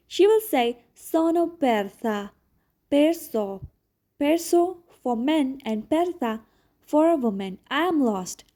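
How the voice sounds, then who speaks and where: Slow, high-voiced woman teaching phrases. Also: warm tone. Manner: repeats each phrase and translates it. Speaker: Italian teacher. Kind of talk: slow language lesson.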